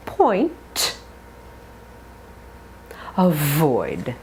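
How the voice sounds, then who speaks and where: A woman teaching a pronunciation lesson, modeling long drawn-out words and giving short coaching tips. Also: medium pitch, wildly swooping pitch, husky. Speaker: accent coach.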